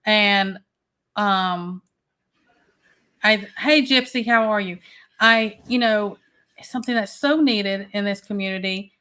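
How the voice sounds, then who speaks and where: Lady host on a live stream, chatty, keeps saying hey to folks in chat, middle pitch. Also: slow, pauses often, bright, forceful tone, smooth. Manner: chatty, greets viewers one by one. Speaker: livestream host. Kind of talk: casual livestream chat.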